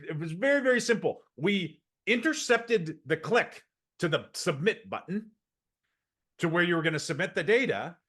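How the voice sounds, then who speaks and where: A man telling a work anecdote as a podcast guest, acting out the dialogue with energy. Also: fairly high pitch. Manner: animated storyteller who acts out quoted dialogue. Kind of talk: conversational anecdote.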